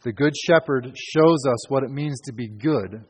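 A man's voice: medium pitch, a little slow, husky. A man preaching a sermon as pastor, in a conversational, emphatic way with casual fillers. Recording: hall with long reverb.

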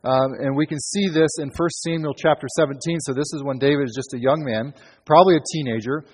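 Male pastor, husky voice, conversational emphatic sermon, long hall echo. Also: fairly high pitch, steady tone, fast talker. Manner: conversational, emphatic preaching with fillers.

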